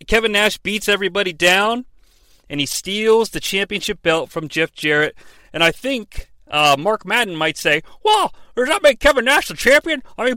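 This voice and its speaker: A man's voice: fairly high pitch, pushed and bright, no echo. A man hosting a comedic recap, sarcastic and profane, dropping into exaggerated voices for quotes. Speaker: podcast host recapping wrestling.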